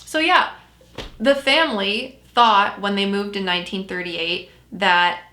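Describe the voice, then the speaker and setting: A woman's voice: mid-range voice, pushed and bright, roomy sound. A woman hosting a podcast, casually telling a story and often correcting herself as she goes. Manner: chatty, self-correcting storyteller. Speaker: podcast host.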